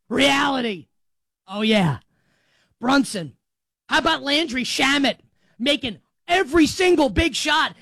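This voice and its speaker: A man delivering an excitable, rambling sports monologue as show host, breaking into shouts. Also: very high voice, no room sound, poor audio. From New York.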